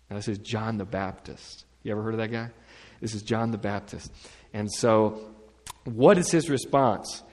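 A man preaching a sermon as pastor, talking in a casual, lively way with asides and humor. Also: lowish voice, normal speed, big-room sound.

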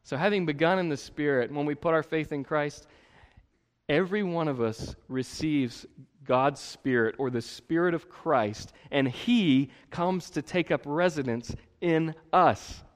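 A man preaching a sermon, full of rhetorical questions and sudden hushed emphasis. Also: fairly high pitch, unhurried. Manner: emphatic, rhetorical questions, drops to a hush for stress. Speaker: pastor. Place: church sanctuary. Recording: long hall reverb.

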